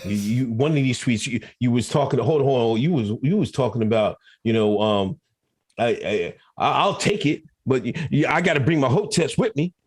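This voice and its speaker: A man's voice: medium pitch, lively intonation, moderate pace, husky. A man co-hosting a podcast, teasing in comedic casual chat and laughing often. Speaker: podcast co-host.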